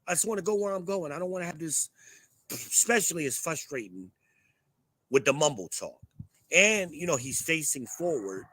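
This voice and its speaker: A middle-aged man talks straight at his audience in a blunt, profane rant, pitched a bit higher than most men. The sound is close and dry, with no room around it. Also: expressive, moderate pace, a bit bright, husky, no room sound. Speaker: show host. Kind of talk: ranting commentary to a live chat.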